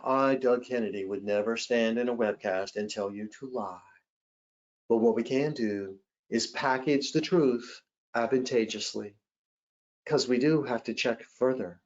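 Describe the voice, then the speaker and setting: A man leading a live hospitality sales training webcast, animated and acting out callers and agents in quick role-plays. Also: fairly low pitch, dull audio. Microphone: webcast mic.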